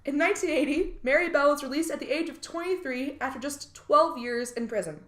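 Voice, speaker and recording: A woman's voice: high voice, fairly quick, echoey room. A woman co-hosting a true crime podcast, reading out case details in a casual, joking way and sometimes swearing. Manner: reads case details, then jokes and swears. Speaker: podcast co-host.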